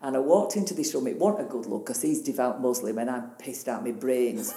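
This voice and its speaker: Animated Northern English woman in her sixties. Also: a bass voice, fairly quick, reverberant. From Northern England. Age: 60s. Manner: animated, blunt, swears freely, acts out quotes. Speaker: guest. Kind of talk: emotional interview storytelling.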